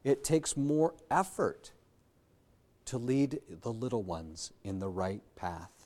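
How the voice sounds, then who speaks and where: A man preaching an earnest sermon as a pastor, often pausing with fillers and restarting his sentences. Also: medium pitch, sing-song, warm tone.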